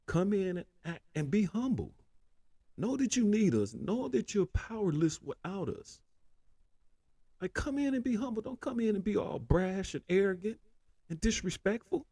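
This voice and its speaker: Gravelly high-voiced man ranting. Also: a little mellow, dry recording. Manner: heated, profane, preachy. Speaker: political commentary host. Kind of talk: ranting commentary.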